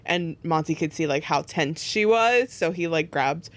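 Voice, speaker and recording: Relaxed young woman co-hosting a chat. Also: low-pitched, measured pace. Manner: relaxed, agreeable, retells scenes with fillers. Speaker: podcast co-host. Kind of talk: casual chat.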